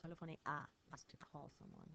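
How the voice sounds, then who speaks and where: A woman teacher explains French phrases patiently in a recorded lesson. Her voice sits fairly low, and she spells words out letter by letter. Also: huge pitch swings, fast, gravelly, bright, forceful tone, slight background noise.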